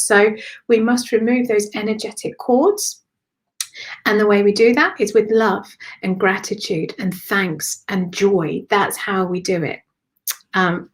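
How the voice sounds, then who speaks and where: A woman hosting a live-streamed spiritual reading on her phone, affectionate and animated, calling listeners darling. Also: mid-range voice. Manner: animated, swooping intonation. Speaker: spiritual medium giving readings.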